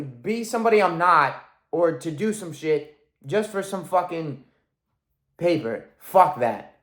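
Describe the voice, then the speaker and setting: A man's voice: a little high, echoey room. A man in his thirties ranting in a motivational vlog, intense and emphatic, swearing constantly as a coach. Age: 30s. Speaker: weight-loss coach.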